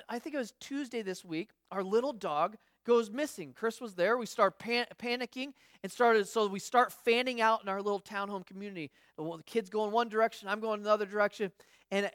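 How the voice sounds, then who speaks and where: In a clean studio recording with no room sound, a woman pastor delivers a conversational sermon. Her medium-pitched, fairly bright voice moves fairly quickly as she tells stories, often restarting and acting out what others said.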